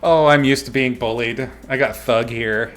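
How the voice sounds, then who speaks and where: A man's voice: mid-range voice, fairly bright tone. A man talking casually to his viewers on a livestream, answering chat and laughing often. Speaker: streamer chatting with viewers while painting.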